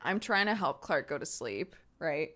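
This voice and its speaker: A woman streaming to her viewers in a casual chat, telling stories with lively laughter and acting out the voices of others. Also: low-pitched, a little slow. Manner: animated storytelling, frequent laughter; acts out quoted voices while retelling.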